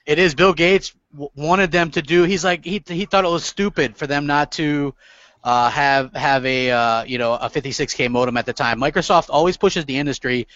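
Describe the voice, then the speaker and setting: A man's voice: a little high, moderate pace, fairly bright tone, no room sound. A man chatting casually on a podcast, rambling and using lots of fillers. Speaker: podcast panelist. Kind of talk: casual chat. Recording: dull lo-fi sound.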